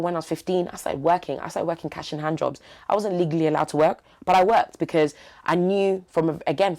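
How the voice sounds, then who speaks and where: Low gravelly young woman. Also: darkish tone. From East London. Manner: heartfelt, emphatic, slangy. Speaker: podcast guest. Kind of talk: candid interview talk.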